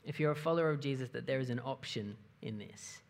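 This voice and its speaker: A pastor speaks in a steady, conversational sermon voice. The delivery reasons things through and keeps checking in with the listeners through questions. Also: medium pitch, fast. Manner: conversational, asks the audience questions.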